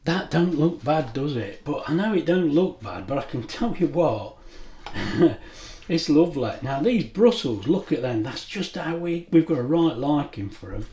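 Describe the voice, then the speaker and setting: A man's voice: on the high side, big pitch swings, normal speed, warm tone, echoey room. A middle-aged man with a chatty, homely way of talking, laughing often as he chats to camera in his kitchen. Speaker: food vlogger. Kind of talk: casual chat to camera. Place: home kitchen.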